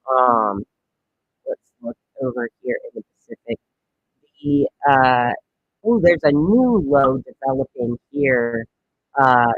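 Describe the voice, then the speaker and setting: A man's voice: medium pitch, phone-quality sound. A man hosting a comedic weather livestream, chatting casually and rambling with lots of fillers and jokes. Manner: rambling, joking, many fillers.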